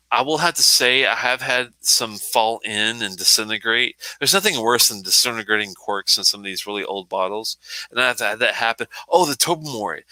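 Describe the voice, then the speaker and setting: Bright, chatty man hosting a live stream. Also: on the low side, dry recording, low-quality recording. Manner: rambling, swears casually, answers chat comments. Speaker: livestream host. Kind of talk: casual livestream chat.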